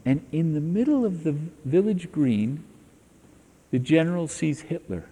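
Slow, deliberate male spiritual teacher. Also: on the high side, expressive, mellow, slightly rough, big-room sound. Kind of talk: spiritual teaching talk with stories.

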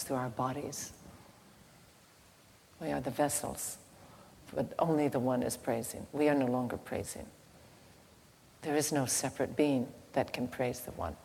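A woman giving a slow, halting devotional teaching with a story, soft-spoken, recorded in an echoey hall with faint ambient noise. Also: very deep voice. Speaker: spiritual teacher.

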